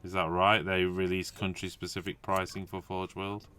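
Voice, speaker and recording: A man's voice: low voice, completely flat delivery, moderate pace, over music. A man hosting a casual hobby livestream, rambling and chatty, with lots of restarts and asides. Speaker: host.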